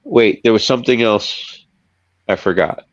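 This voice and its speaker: A man's voice: on the low side, unhurried, dry recording, dull audio. A man chatting casually on a podcast, rambling and laughing as he loses his thread.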